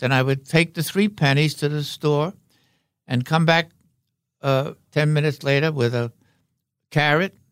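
A man's voice: a little high, no echo, clean studio sound. An older man, a veteran actor as interview guest, telling wry, rambling stories. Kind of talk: anecdotal interview talk.

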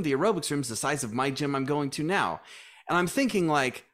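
A man's voice: a little high, brisk. A man guest in a casual interview, telling stories and acting out the lines of the people in them. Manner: animated storyteller, acts out quoted dialogue. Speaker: gym owner guest.

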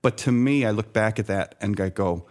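A man's voice: on the low side, normal speed. A middle-aged man telling a story in conversation, acting out what others said and restarting his sentences often. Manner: animated anecdote teller, acts out quoted voices, many restarts. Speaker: guest, former bank sales desk worker.

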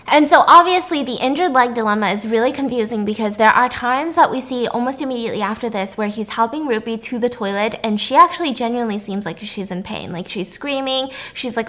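A young woman casually retelling a film's plot, animated and jokey, acting out the characters' lines. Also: fairly high pitch, brisk. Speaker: storyteller recapping a film. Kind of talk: casual chat.

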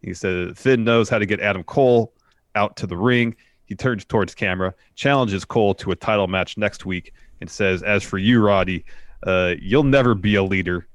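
A deep-voiced man retelling events in order, easygoing and plain. The sound is dry and close, with no echo. He moves through the story step by step, with the odd "uh". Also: moderate pace. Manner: steady play-by-play retelling with fillers. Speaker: podcast co-host. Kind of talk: casual recap narration.

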